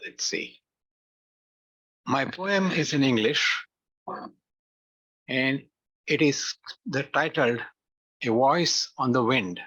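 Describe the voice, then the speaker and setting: A man slowly reciting a poem aloud at a virtual poetry meet, in a measured, deliberate way. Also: mid-range voice, a bit bright, breathy edge. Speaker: poetry reader. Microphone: video call. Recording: muffled video call audio.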